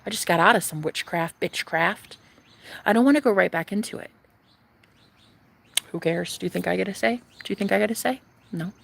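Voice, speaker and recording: Gravelly-voiced woman vlogging candidly. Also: medium pitch, fairly quick, long pauses, a little hiss or hum. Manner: candid and profane, swings between whispers and loud bursts. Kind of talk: casual confessional vlog.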